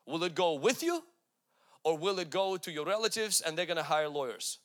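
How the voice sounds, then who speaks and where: A man's voice: fairly high pitch, sing-song, normal speed, a bit bright. A man preaching a sermon, emphatic, with repeated calls to the congregation. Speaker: pastor.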